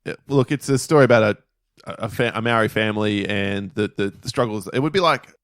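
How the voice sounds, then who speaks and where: A man co-hosting a casual podcast, talking in a rambling way with halting restarts. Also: fairly low pitch, fairly bright tone, no room sound, studio quality. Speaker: podcast co-host.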